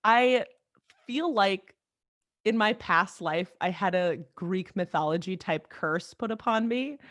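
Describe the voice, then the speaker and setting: Brief: woman guest, comedy writer, casual animated chat with quick asides, dry close-miked podcast sound. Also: medium pitch, no room sound.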